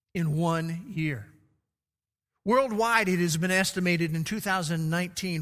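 Man, middle-aged, pastor, sermon, bright tense voice, impassioned, long church-hall reverb. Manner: impassioned preaching, voice swells on quoted scripture and drops low on grim facts.

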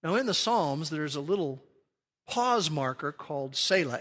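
A man preaching a sermon as pastor, emphatic, swelling loud and then dropping to a quiet hush. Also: fairly high pitch, lively intonation, a little slow, big-room sound.

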